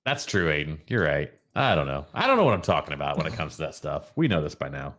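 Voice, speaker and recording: A man's voice: rumbling low, big pitch swings, fast, a bit bright. A man co-hosting a casual live show over drinks, playful and fond of trying out silly regional accents. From Florida. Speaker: podcast co-host.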